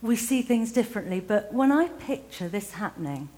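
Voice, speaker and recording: A woman preaching a reflective sermon, retelling a scripture story with slow, emphatic pauses. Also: medium pitch, very animated, dark tone, low-quality recording.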